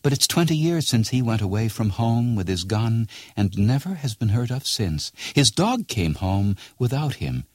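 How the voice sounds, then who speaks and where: A man voicing a young village mother who talks softly and sadly in a lightly raised voice. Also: mid-range voice, big pitch swings, moderate pace, hardly any pauses, dry recording, clean studio sound, voice pushed up. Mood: wistful.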